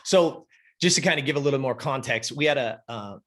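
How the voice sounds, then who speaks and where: A man's voice: medium pitch, brisk, a bit bright. A man, a gym coach, telling a story as a podcast guest, emphatic and fired up, swearing freely.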